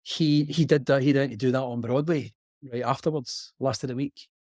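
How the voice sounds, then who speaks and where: A middle-aged man with a Scottish accent, a guest actor talking earnestly and haltingly over a video call. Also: mid-range voice, steady tone, darkish tone, no room sound, studio quality. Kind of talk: reflective conversation.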